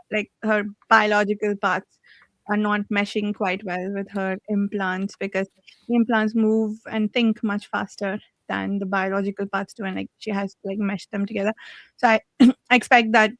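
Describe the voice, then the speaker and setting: A woman leading a casual book club discussion, chatty and quick to laugh, often correcting herself mid-sentence. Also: medium pitch, little pitch movement, a bit bright, no echo.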